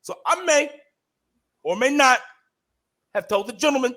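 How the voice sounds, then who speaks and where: A man's voice: high-pitched, very animated, normal speed, pauses often, sharp tone. Heated, profane man telling a story. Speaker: podcast co-host. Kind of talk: casual storytelling chat.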